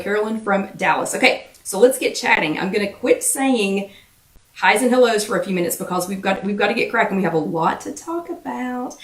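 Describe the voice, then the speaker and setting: A woman with a Southern US accent hosts a live chat, talking fast and greeting viewers by name, her voice still slightly irritated. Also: medium pitch, roomy sound, distant mic. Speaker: host of a live weight-loss chat.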